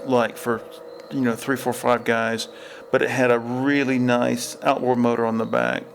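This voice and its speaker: This man's medium-pitched voice is flat and fry-tinged, moving at a moderate pace over a little hiss or hum. Hosting a casual podcast by a river in a state park, he tells rambling film stories and acts out the quotes.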